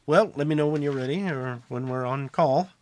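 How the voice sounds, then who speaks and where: A man's voice: mid-range voice, normal speed, slight background noise, voice pushed up, natural voice. A man voicing a polite, eager male film actor who lifts his voice a little.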